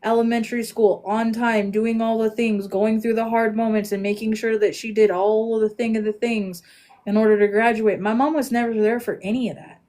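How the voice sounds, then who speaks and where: A woman's voice: on the high side, little pitch movement, brisk. Earnest woman hosting a reflective chat. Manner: earnest, reflective, trailing off softly. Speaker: podcast host. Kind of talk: casual chat.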